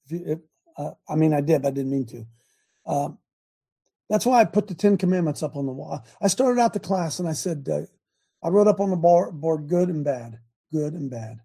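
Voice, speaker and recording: A man's voice: a little high, animated, moderate pace, vocal fry, dark tone, slightly rough. An older man hosting a Christian talk show, preachy and emphatic, often repeating words and restarting sentences. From United States.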